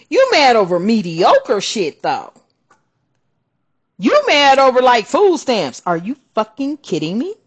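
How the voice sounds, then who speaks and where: Blunt, profane woman ranting. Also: high-pitched. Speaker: spiritual channel host and card reader. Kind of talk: casual ranting vlog with card reading.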